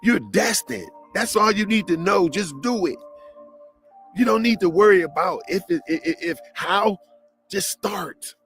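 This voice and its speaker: A man from Detroit preaches motivation through a story, loose and slangy, laughing as he goes. His voice sits a touch high for a man. Soft music plays under him. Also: lively intonation, unhurried. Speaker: motivational speaker.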